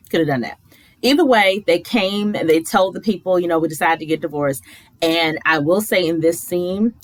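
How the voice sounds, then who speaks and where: Lady doing a reality tv recap at home, kinda low voice, gets animated and does high goofy voices for the cast. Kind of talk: casual recap commentary.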